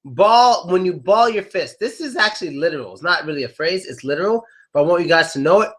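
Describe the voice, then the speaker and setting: A man teaching English idioms to a live class in a joking, animated way, acting out quotes in loud, high voices. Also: quick pace.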